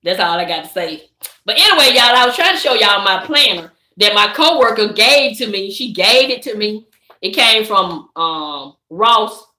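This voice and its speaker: A woman's voice: mid-range voice, expressive, moderate pace, pushed and bright. A woman chatting on a live stream, easygoing and preachy, calling her viewers baby and y'all. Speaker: vlogger hosting a live stream. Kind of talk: casual live-stream chat. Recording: echoey room.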